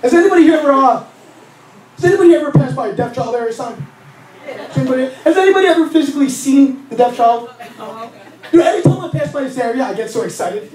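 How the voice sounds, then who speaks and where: A man's voice: very high voice, lively intonation, fast talker, long pauses, darkish tone. A young man doing a stand-up comedy set, ranting crudely and in exasperation. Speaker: stand-up comic. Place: comedy lounge. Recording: echoey club, distant mic, audience laughter.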